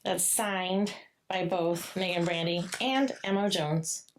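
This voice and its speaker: A woman co-hosting a podcast, chatting casually about a book, gushing and swearing freely with quick asides. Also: fairly low pitch, noisy background. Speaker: podcast co-host. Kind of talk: casual book-review chat.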